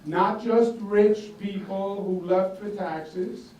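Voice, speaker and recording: Heard from a distance in an echoey indoor office hall, with faint noise and cut-off highs, an older Queens-born candidate with a Queens accent speaks slowly in a high-pitched, mellow voice with fairly even intonation. His campaign speech is folksy and emphatic, with lines repeated for effect.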